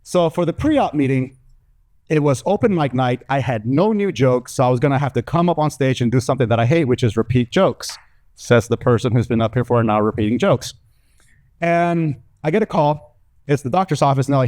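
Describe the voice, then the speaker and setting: This young adult comedian from Mexico delivers a fast-paced stand-up set to a live crowd on a comedy stage. His storytelling is animated, and he voices other characters with dramatic jumps in pitch.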